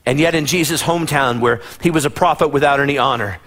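A male pastor delivers a sermon with a voice pitched a little above the usual. He is dramatic, voicing the people of his stories, and often repeats and restarts his phrases. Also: animated, a little fast, fairly bright tone, husky. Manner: dramatic, acts out the Bible figures in voices.

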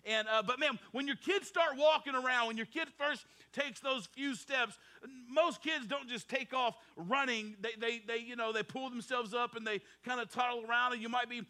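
A middle-aged male pastor preaching a sermon in a church sanctuary, moving from a soft spoken prayer to loud, animated exhortation. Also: moderate pace, hardly any pauses. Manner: fervent preaching that builds from a quiet prayer to a loud high exhortation.

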